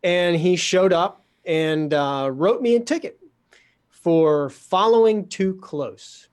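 A man telling a story in casual talk, lively, sardonic and poking fun at himself. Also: sits high, slow pace, clean tone. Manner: lively, sardonic, self-mocking.

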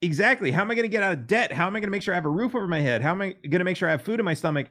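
A man's voice: high voice, racing. A male guest in a casual political discussion, talking animatedly, repeating words and acting out other people's lines. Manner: animated, repeats words, acts out quoted voices.

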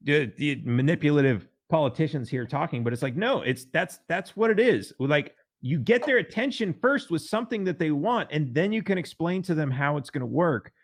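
Animated man, fairly high voice. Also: moderate pace, few pauses. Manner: animated, repeats words, acts out quoted voices. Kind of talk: casual political discussion.

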